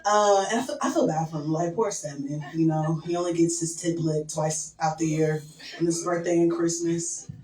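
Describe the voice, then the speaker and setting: Crude deadpan woman doing stand-up. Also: sits low, normal speed. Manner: crude, deadpan, filler-heavy. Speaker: stand-up comedian. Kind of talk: stand-up set. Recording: echoey room from far off.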